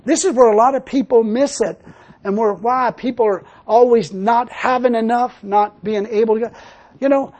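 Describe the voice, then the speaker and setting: A man's voice: extremely high pitch, steady tone, moderate pace, a little mellow. An older man preaching a sermon, telling a personal story and then building into emphatic preaching. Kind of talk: sermon testimony.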